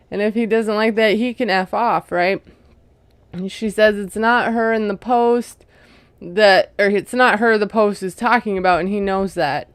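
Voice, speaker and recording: A woman's voice: mid-range voice, smooth, dry recording. A woman recapping a reality TV episode in casual commentary, chatty and amused, filling her talk with "like" and "you know". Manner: chatty, retelling scenes with lots of "like" and "you know"; amused, laughing at what she retells.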